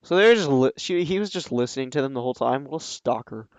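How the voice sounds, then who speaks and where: Man, reading a story aloud, sarcastic mocking asides, smooth clear voice, dry close sound. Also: mid-range voice, expressive, fast talker, no echo, rough recording. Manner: sarcastic, scoffing asides with frequent ums. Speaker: reader and commentator.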